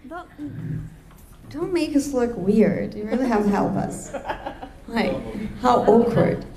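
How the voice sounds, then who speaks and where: A woman's voice: fairly high pitch, lively intonation, slow pace. A woman co-hosting a live event, jokingly pleading with the audience to join in. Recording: echoey room with crowd chatter.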